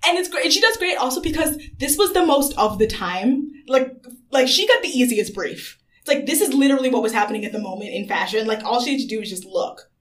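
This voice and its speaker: Young female podcast co-host, casual, slightly higher voice, quick laughs, lots of "like". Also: lively intonation, far from the mic. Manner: chatty, laughs often, fillers like "like". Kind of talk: casual chat recapping a TV show.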